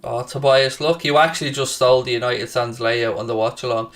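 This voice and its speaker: A man hosting a football watchalong stream, reading viewer comments aloud and taunting rival fans with brash, profane banter that flares into shouting. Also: mid-range voice, fairly quick, few pauses, distant mic. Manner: excitable, shouting at times. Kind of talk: casual live-stream chat, reading and answering viewer comments.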